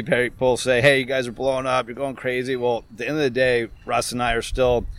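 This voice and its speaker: A man who co-founded a company, talking steadily and earnestly in a casual interview. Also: medium pitch. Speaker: company co-founder, podcast guest.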